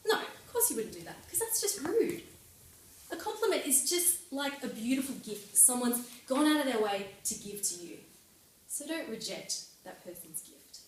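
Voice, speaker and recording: A young woman delivers a prepared speech in a lively, personal way, her voice sitting a touch high. She is heard from a distance in a very echoey meeting room, with a faint hiss underneath. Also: moderate pace. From Australia. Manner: lively, personal, lightly humorous. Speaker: club speaker.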